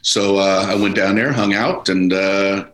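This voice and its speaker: A man's voice: low voice, steady tone, unhurried, a bit bright, echoey room, low-quality recording. A man, a comedian guest, telling rambling anecdotes in casual chat and acting out the dialogue, from his home office.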